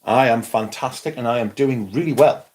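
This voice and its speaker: A man's voice: medium pitch, normal speed, a little mellow. A man hosting a casual live stream, chatting wryly and greeting viewers by name. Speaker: livestream host.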